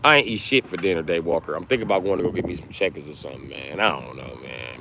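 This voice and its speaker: A middle-aged man livestreaming, talking casually to his chat and loudly roasting viewers with heavy profanity. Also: sits low, fast, background noise. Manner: profane, loud trash-talking and roasting of chatters.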